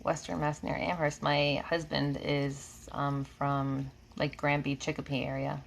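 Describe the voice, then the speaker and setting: A woman's voice: low voice, flat delivery, measured pace, vocal fry, slight background noise. A woman in her thirties from New York with a slight Southern drawl, chatting casually on a live stream and laughing often as she reads and answers comments. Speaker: reiki healer hosting a live stream. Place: home room with air conditioning.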